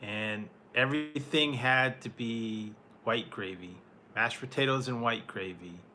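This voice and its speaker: A man's voice: medium pitch, a little slow, pushed and bright, a little hiss or hum. A man reviewing food, chatting with his live-stream viewers in a loose, rambling way, with lots of fillers and small laughs. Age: adult, once married. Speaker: food reviewer answering chat. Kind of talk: casual live-stream chat.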